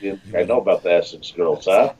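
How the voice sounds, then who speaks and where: A man's voice: sits low, fairly quick, a crowd in the background. A man calling in to a livestream, easygoing and laid-back in his chat. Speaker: caller, fellow streamer. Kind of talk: casual call-in chat. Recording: muffled call audio.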